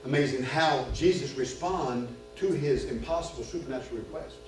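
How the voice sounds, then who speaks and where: A man preaching a sermon at a men's retreat, impassioned and repetitive, building in pitch and force as he goes. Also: a little fast, soft background music. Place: church hall or retreat room. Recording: echoey hall, far from the mic.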